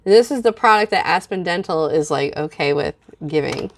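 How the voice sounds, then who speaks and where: A middle-aged woman vlogging in a candid, venting way, with frequent fillers and pauses. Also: lowish voice, expressive, a little hiss or hum. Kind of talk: casual vlog.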